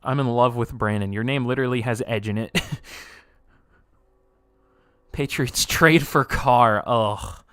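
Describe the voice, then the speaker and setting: A young man live streaming, reacting and reading chat aloud in an excitable way, laughing often and swearing casually. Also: medium pitch, unhurried, long pauses, clear, resonant tone, dry recording, studio quality.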